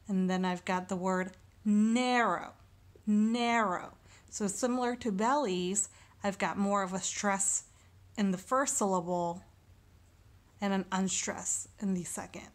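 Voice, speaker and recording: A woman teaching a recorded lesson, speaking slowly and deliberately and sounding out syllables one by one. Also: medium pitch, steady tone.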